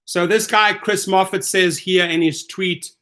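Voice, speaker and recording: Livid man ranting, slightly high voice. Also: steady tone, unhurried, pushed and bright. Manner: livid, profane, repetitive rhetorical questions. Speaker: rideshare commentary host. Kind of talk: angry ranting commentary.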